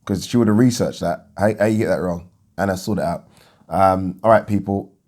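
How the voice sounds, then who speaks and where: A man's voice: low-pitched, a little fast, darkish tone. A young man giving a rambling, casual reaction to a boxing fight as a vlogger, thinking aloud and restarting his sentences.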